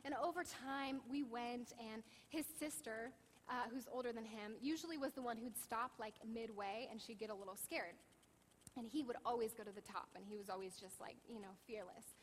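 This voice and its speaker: A woman's voice: on the high side, moderate pace, long reverb tail, slight background noise, low-quality recording. A woman in her thirties preaching a sermon in a church, telling personal stories in a candid, conversational way. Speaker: pastor.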